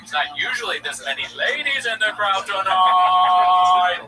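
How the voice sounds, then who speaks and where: A man's voice: high-pitched, measured pace, pitched above the performer's own voice. A man mimicking a male stand-up comedian who fills time with cheesy crowd banter. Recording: distant mic, noisy background.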